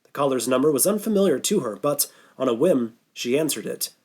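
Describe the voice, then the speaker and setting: A man narrating a horror novel audiobook in a steady, measured voice. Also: mid-range voice, breathy edge. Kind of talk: scripted narration.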